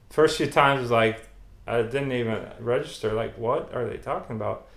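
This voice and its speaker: A man's voice: mid-range voice, unhurried. A man co-hosting a podcast, chatting casually and telling stories with laughs. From United States. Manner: storytelling, laughs often. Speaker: podcast co-host. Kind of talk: casual chat. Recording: echoey room.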